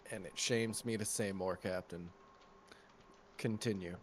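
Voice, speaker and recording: A man's voice: deep voice, steady tone, a little slow, a little hiss or hum. A man voicing a balding, stiffly proud space crewman who speaks with solemn formality.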